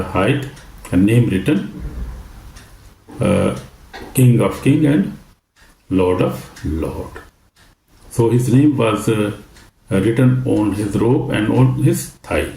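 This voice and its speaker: Slow, halting male preacher in echoey room. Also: on the low side, mellow. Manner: slow and halting, with many fillers and restarts. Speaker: pastor. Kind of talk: sermon.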